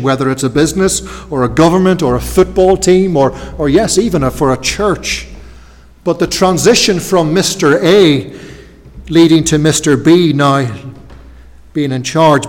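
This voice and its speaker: A man preaching an expository sermon at an evening service, earnest and repeating phrases for emphasis. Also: a little high. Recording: long hall reverb.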